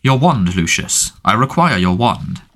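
A man reading an audiobook, voicing a cold, menacing male dark lord who speaks in a quiet, thoughtful, hissing tone. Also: lowish voice, very animated, unhurried. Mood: cold menace.

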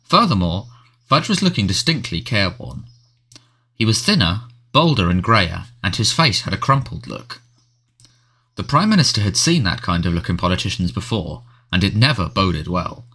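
A man narrating a storybook in a measured, expressive reading. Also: low-pitched. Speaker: audiobook narrator.

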